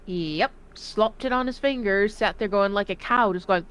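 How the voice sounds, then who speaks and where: A woman who served in the Navy, telling profane, animated stories in a casual voice chat. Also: medium pitch, normal speed, smooth. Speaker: Navy veteran storyteller.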